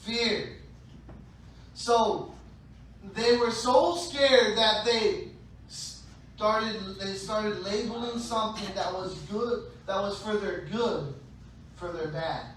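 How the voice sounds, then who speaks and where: Playful male preacher, high bright voice, distant mic in a reverberant church hall. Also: fairly even intonation, drawn-out words, long pauses. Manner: playful, acts out scenes with shouted voices. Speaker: pastor. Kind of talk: sermon. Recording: echoey hall, distant mic, faint noise.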